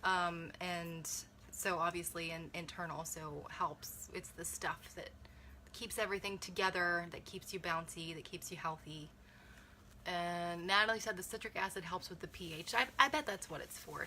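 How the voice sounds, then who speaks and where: Bright, chatty young woman livestreaming. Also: lowish voice, fairly even intonation, normal speed, slight background noise. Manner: chatty, thinks aloud, hedges and self-corrects. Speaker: brand ambassador unboxing a beauty kit. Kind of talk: casual livestream unboxing, reading viewer comments.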